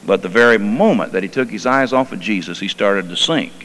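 A male pastor preaching a sermon. He tells stories softly, then rises into fervent preaching. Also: lowish voice, brisk. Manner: quiet storytelling that swells into fervent preaching. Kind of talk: sermon with personal storytelling. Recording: long reverb and faint hum.

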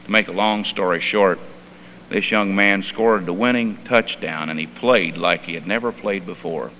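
A male pastor preaching a sermon. He tells stories softly, then rises into fervent preaching. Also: sits low, normal speed. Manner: quiet storytelling that swells into fervent preaching. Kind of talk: sermon with personal storytelling. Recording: long reverb and faint hum.

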